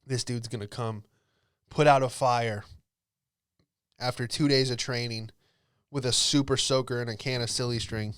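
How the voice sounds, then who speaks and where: Rambling comedian telling stories. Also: male voice, mid-range voice, steady tone, a bit bright, clean tone, dry recording, studio quality. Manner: rambling, jokey, quick character impressions. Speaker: comedian podcast host. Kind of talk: comedic storytelling monologue.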